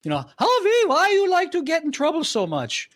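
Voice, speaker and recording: A man's voice: extremely high pitch, wildly swooping pitch, normal speed, a bit bright, pitched above the performer's own voice, exaggerated voice. Man putting on his scolding Hungarian mother. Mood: exasperated. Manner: exasperated, broken English. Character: scolding immigrant mother, older woman.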